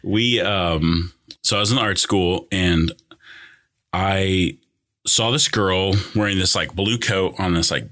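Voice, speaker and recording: A man's voice: sits low, slow, bright, forceful tone. A young man telling a personal story in casual chat, rambling with many fillers and restarts. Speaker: guest.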